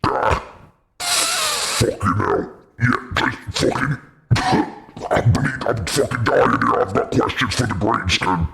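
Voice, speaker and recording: A man voicing a wounded, bleeding male ogre through a voice changer, gruff and swearing as he gasps through the pain. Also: mid-range voice, huge pitch swings, slow pace, a bit bright, soft background music, exaggerated voice.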